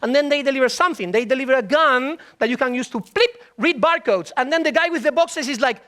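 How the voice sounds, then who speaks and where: A man giving a comic conference talk, telling a story and acting out the people in it with quick put-on voices. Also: very high-pitched. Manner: animated storytelling, puts on voices for characters. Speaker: conference speaker. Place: conference stage.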